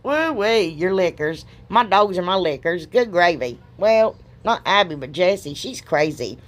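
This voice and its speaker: This middle-aged woman's voice sits on the low side, animated yet a little slow. As host of a craft video, she gives a casual, chatty voice-over, wandering off on tangents, making fun of herself, and letting out folksy exclamations.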